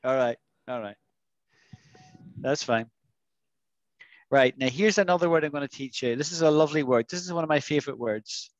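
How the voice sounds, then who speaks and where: A man's voice: mid-range voice, no room sound, muffled recording. Patient man teaching on a video call. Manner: patient, coaxing, models pronunciation slowly. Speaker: English teacher. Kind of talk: online class vocabulary lesson.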